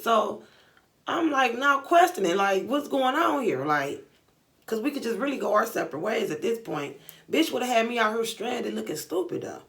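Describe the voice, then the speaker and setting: A young woman vlogger telling a story in casual, animated, slangy chat, acting out the dialogue. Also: fairly high pitch, moderate pace. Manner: animated, slangy retelling with lots of quoted dialogue. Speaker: beauty vlogger.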